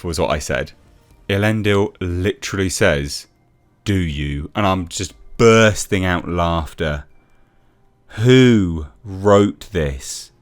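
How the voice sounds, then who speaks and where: A man reviewing a TV episode in a sarcastic, exasperated rant, swearing freely. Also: low-pitched. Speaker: TV show reviewer. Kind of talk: ranting video review.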